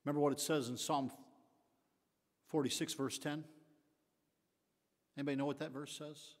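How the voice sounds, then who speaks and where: An older man preaches a Bible study in a church sanctuary, his words ringing out with a long hall reverb. His voice sits slightly high for a man. His folksy delivery swings between emphatic bursts and quiet, low asides. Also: flat delivery, normal speed. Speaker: pastor.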